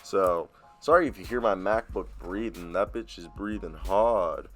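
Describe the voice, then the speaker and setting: A man's voice: deep voice, measured pace, soft background music. A man giving blunt, opinionated basketball commentary on his vlog, talking straight to viewers into a laptop mic. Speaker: sports commentator.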